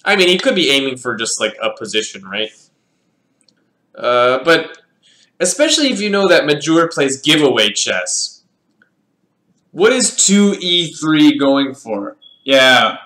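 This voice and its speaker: Reviewing his own chess games casually, a man thinks aloud, calling out the moves and often repeating words. His mid-range voice is sing-song and sharp in tone, and he talks a little slowly.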